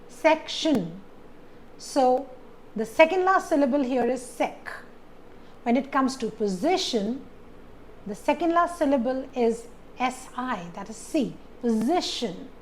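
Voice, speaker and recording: A woman tutor gives a pronunciation lesson at a very unhurried pace. Her voice sits a little high, and she sounds out each word with careful stress. A faint ambient hiss runs under the recording. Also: rough recording. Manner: slow, deliberate teacher pronunciation with stressed syllables. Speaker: English test tutor. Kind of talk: video lesson.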